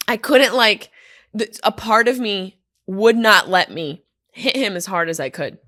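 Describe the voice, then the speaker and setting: A woman comedian telling casual stories on a podcast, animated, profane and self-deprecating, from a hotel room. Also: mid-range voice, takes it slowly, dry recording, clean studio sound. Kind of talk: casual storytelling monologue.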